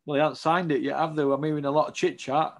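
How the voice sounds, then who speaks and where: A man's voice: fairly high pitch, level tone, fast. A man giving blunt, outspoken opinions as a boxing pundit in a casual interview, often tagging on questions like "isn't it?".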